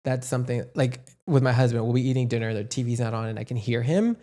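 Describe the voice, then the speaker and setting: Expressive, chatty podcast co-host man. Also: medium pitch, fast. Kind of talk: casual chat.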